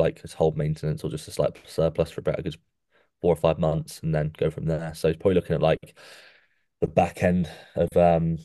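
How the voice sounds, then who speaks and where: Tiefe Stimme, Mann, der ständig „mate“ sagt. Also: male voice, sits low, no room sound, studio quality. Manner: says "mate" constantly, animated coaching tone. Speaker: podcast co-host rating physiques. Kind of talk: casual chat. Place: podcast studio.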